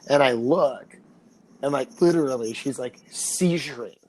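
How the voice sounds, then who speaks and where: A man's voice: mid-range voice, measured pace, a little mellow, poor audio. A young man co-hosting a casual podcast, telling a story in a rambling way with lots of fillers, restarts and swearing. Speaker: podcast co-host.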